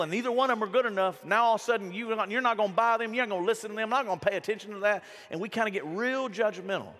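A man preaching a lively sermon, telling stories and acting out quotes in raised voices. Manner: animated storytelling, acts out quotes in high voices. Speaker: pastor. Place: church sanctuary. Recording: long reverb of a church hall.

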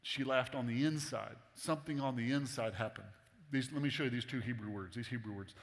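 A man's voice: medium pitch, brisk. A man preaching a sermon in a casual, humorous, conversational way to a congregation in a church. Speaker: pastor. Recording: long hall reverb.

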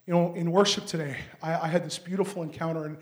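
A man preaching a sermon in an earnest storytelling manner that rises to shouts. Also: a little high, fairly even intonation, fast.

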